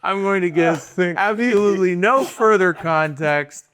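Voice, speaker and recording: A man's voice: sits high, unhurried, crowd noise. A man hosting a casual movie-review podcast, animatedly retelling the plot and laughing at it. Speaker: podcast host.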